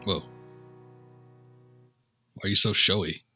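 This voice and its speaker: A man's voice: deep voice, steady tone, slow pace, bright, forceful tone, soft background music. A man streaming a video game, talking casually and joking at himself as he plays. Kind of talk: casual gameplay commentary.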